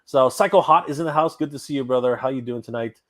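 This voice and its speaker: A Canadian man hosting a live stream in casual chat, reading out viewer comments and giving upbeat shout-outs. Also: medium pitch, fast, no room sound.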